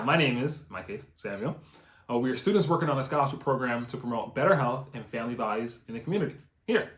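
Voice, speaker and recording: A man teaching door-to-door canvassing in an energetic, coaching way, repeating key phrases and checking in with "right?". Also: mid-range voice. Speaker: canvassing trainer. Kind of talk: instructional video training. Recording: roomy echo.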